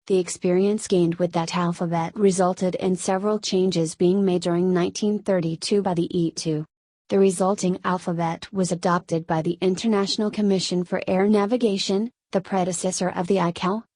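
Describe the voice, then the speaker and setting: A woman reads an encyclopedia article aloud, her voice sitting somewhat low. She keeps a steady, measured pace and spells out letters with care. The recording is close and dry. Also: dry recording. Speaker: volunteer article narrator. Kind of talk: read-aloud encyclopedia narration.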